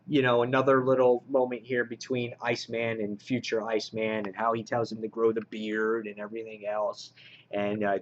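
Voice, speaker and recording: A man's voice: medium pitch, highs cut off. A man reviewing comic books in a casual, rambling way with many fillers, sounding frustrated.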